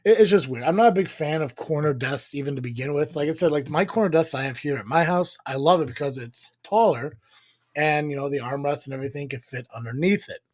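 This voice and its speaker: On the high side and fast, this podcast co-host's voice carries a darkish tone, recorded cleanly in a studio with no echo. He rambles through a casual live show, cursing freely and peppering his speech with fillers.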